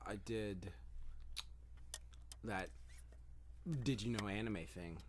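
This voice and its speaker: A young man co-hosting a podcast in casual chat, laid-back and soft-spoken with lots of fillers. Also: fairly low pitch, fairly even intonation, takes it slowly, noisy background. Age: young adult. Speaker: podcast co-host.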